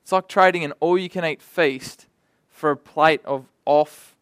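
A young man preaching a sermon in a lively, conversational way, with vivid asides and stories. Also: fairly high pitch, unhurried, clear, resonant tone, no room sound.

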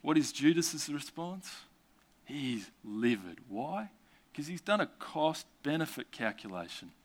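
Man, sermon, rhetorical questions, chatty asides. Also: mid-range voice. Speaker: preacher.

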